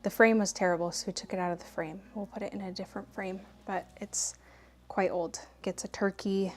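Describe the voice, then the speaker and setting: A chatty woman antique dealer talking to camera at home as she unpacks, full of quick asides and light laughter. Her voice sits at an ordinary middle pitch, and her delivery stays conversational and relaxed. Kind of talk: casual unboxing vlog. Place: home, indoors.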